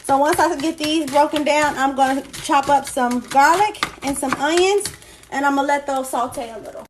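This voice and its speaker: A woman's voice: high-pitched, moderate pace, noisy background. A woman hosting a home cooking video, chatty and explaining each step as she cooks in her kitchen. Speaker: cooking show host. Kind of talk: casual cooking demonstration.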